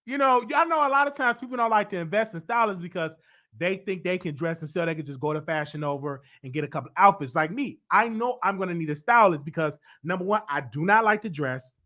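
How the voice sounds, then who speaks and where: This celebrity gossip show host is a man who speaks at a quick pace in a bright, sharp-edged voice, giving blunt, opinionated commentary. His animated delivery jumps up high for emphasis, and a slight stuffiness from congestion runs through it all.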